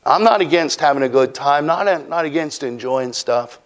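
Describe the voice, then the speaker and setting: A man's voice: on the high side, expressive, normal speed. A man preaching a sermon in a folksy way, acting out quotes from his text. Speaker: pastor.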